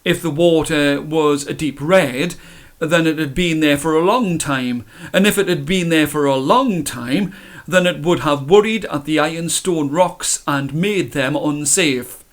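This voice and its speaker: A man reading a story aloud in a measured, expressive way. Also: a little high.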